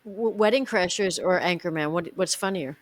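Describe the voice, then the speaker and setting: A woman's voice: lowish voice, moderate pace, no echo. Woman in a dry-sounding podcast chat. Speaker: podcast co-host. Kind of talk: casual chat.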